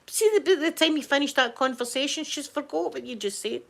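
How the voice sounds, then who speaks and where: A middle-aged Scottish woman, hoarse from crying, chatting casually to her viewers in a halting way, repeating words and restarting sentences. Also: sits high, a bit bright, slight background noise. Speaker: vlogger talking to viewers. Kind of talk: casual chat.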